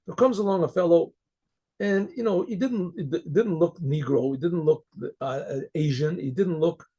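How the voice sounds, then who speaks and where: A rabbi telling a story in a rambling, animated way, full of restarts, over a computer mic on a video call. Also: male voice, fairly high pitch, moderate pace, husky. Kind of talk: storytelling talk.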